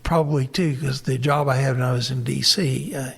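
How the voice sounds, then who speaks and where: A man's voice: medium pitch, fairly even intonation, brisk, vocal fry, breathy edge. An older man, a retired navy helicopter pilot, telling stories from his flying career in a plain-spoken way and acting out what people said to him. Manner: plain-spoken storyteller, acts out his own quotes. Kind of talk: recounting war stories in an interview.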